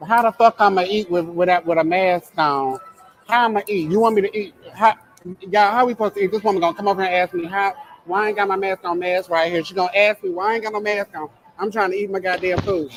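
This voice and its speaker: A man's voice: high voice, fast, a bit bright, poor audio. A man ranting indignantly and profanely in a recorded clip.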